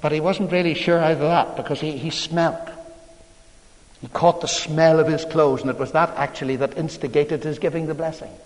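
A man preaches a storytelling sermon in a chatty, conversational way. He keeps tossing rhetorical questions to his listeners. His voice sits fairly high, and a long reverb from the church hall trails behind it. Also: fairly even intonation, moderate pace.

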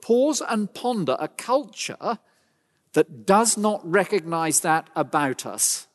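A male preacher with a fairly high, very lively voice delivers an emphatic sermon, leaning on rhetoric and dramatic pauses. Long hall reverb trails his words.

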